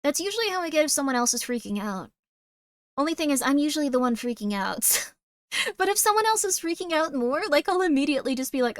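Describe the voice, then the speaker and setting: A woman's voice: sits high, very animated, fast, dry recording, clean studio sound. A young adult woman hosting a stream, chatting casually and rambling as she reacts to videos. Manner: rambling, chatty, filler 'like'. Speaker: streamer host.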